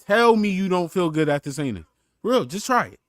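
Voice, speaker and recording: A man in his thirties hosts a loose, joking talk show, his voice a touch high and swinging widely up and down. He laughs often and breaks into loud shouted bursts. The sound is dry and close, with no room around it. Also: big pitch swings, moderate pace, dry recording. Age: 30s. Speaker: podcast host. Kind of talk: casual chat.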